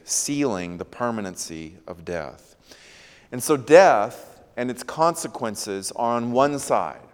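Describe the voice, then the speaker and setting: A man preaching a sermon, slow and emphatic, repeating key phrases for weight. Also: lowish voice, clear, resonant tone. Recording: long reverb of a hall.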